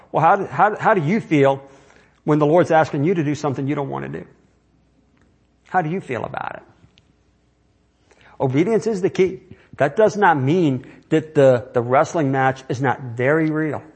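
Guy preaching a sermon, kinda husky, chatty, keeps asking the crowd questions. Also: a little high. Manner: conversational preaching with rhetorical questions. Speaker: pastor.

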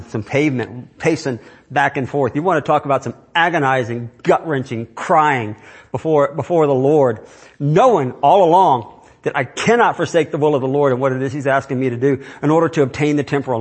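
Middle-aged male pastor, husky voice, earnest sermon delivery with repeated phrases. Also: medium pitch.

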